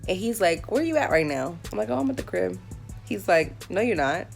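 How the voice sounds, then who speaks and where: A woman's voice: mid-range voice, animated, brisk, creaky, faint music behind. Profane, candid woman telling a story. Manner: candid and profane, acts out quoted dialogue. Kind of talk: casual storytelling.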